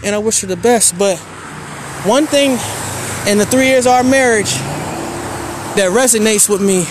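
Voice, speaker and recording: A man in his forties from Maryland hosting a podcast, talking candidly and emotionally in slangy speech, swinging from quiet to heated. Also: high voice, normal speed, noisy background. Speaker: podcast host. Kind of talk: personal monologue.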